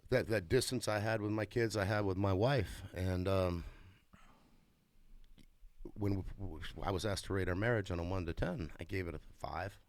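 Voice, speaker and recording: A man in his forties speaks in a low, gravelly voice, dry and close to the mic. He talks candidly and emotionally, cursing freely and building into excited bursts. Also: normal speed, no room sound. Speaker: father sharing his story. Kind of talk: candid testimonial talk.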